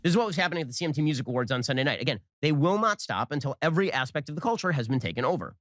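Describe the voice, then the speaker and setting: A man giving a rapid, sarcastic political monologue in a played clip. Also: a little high, animated, fairly bright tone. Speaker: conservative commentator, played clip.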